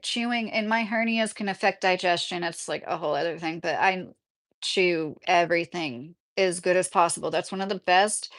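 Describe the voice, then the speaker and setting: A woman in her thirties chatting casually as a vlogger, rambling with many fillers while reading viewer comments aloud. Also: mid-range voice. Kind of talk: casual chat.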